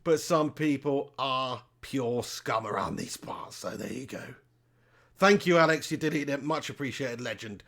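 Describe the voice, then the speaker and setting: A man with a medium-pitched, lively, slightly slow voice that's creaky and a little bright hosts a live football watch-along. He chats casually, reads viewers' comments aloud, and jokes and laughs often in easy banter.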